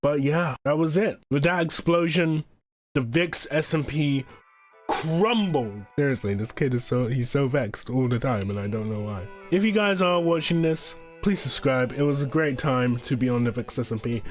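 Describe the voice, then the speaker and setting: A man's voice: medium pitch, expressive, normal speed. A young man telling a gaming story to his channel in a rambling way, swearing and stumbling over his words. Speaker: YouTuber. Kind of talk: casual storytime narration. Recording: background music under voice-over.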